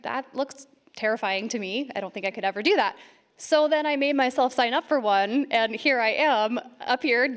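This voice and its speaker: A woman's voice: fairly high pitch, a bit bright. Nervous woman giving a lightning talk. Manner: nervous, self-deprecating, quick storytelling. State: shaky voice from nerves. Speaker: conference speaker. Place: conference stage.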